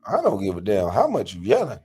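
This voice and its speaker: A man rants and mocks in a husky voice, his pitch leaping wildly from line to line. He swings between loud jabs and muttered asides. Faint music plays underneath. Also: huge pitch swings, fairly quick. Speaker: host. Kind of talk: profane reaction rant.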